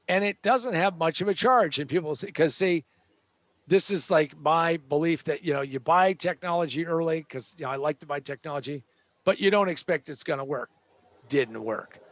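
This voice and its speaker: A man's voice: fairly high pitch, no echo. A man hosting a show, delivering a joking, sarcastic tech rant with a rambling manner. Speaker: host.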